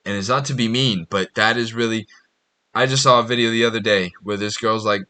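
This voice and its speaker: A man's voice: lowish voice, fairly even intonation, brisk, pushed and bright. A man hosting his own podcast, talking in a blunt, profane, rambling monologue with frequent restarts. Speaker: podcast host. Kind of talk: casual monologue.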